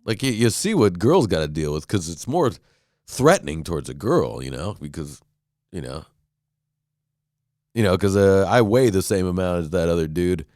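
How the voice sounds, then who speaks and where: Low-voiced guy ranting solo on his podcast, swears a lot, voice jumps all over, dry close sound. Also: animated, normal speed, darkish tone, no echo. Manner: rambling, swears freely, acts out quoted exchanges. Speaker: podcast host. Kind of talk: casual solo rant.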